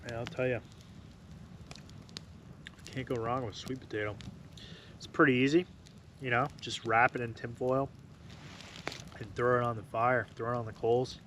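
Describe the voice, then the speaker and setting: A man's voice: medium pitch, steady tone, normal speed, pauses often. A man vlogging a solo camping trip at a forest campsite, talking casually to the camera as he cooks and camps. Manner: easygoing, talks to camera while cooking, sometimes murmurs softly. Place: forest campsite outdoors by a fire. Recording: outdoor noise in the background.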